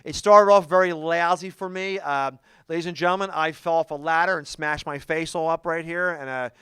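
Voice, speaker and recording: A middle-aged man doing a stand-up comedy routine, telling stories in an animated way with quick asides. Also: fairly high pitch, clean tone, dry recording, clean studio sound. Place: comedy club stage.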